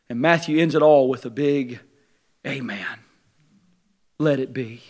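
A male pastor preaching a sermon in a church sanctuary, swinging between hushed, intimate passages and fervent shouted climaxes. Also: a little high, normal speed, pauses often.

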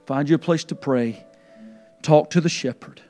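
A man, a pastor, preaching a sermon in a church. He rises to a near shout when quoting scripture and drops to a soft, low voice when leading prayer. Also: moderate pace, faint music behind. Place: church sanctuary.

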